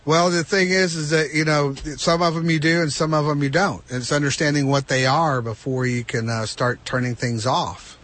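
A man's voice: a little high, steady tone, moderate pace, hardly any pauses, a bit bright. A man hosting a radio tech show, explaining a fix step by step to a caller. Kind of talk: call-in advice.

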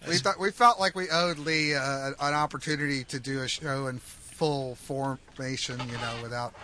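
A man's voice: medium pitch, steady tone, moderate pace, noisy background. A man hosting a casual radio talk show from a studio, joking and rambling as he goes. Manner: joking, rambling, often laughing.

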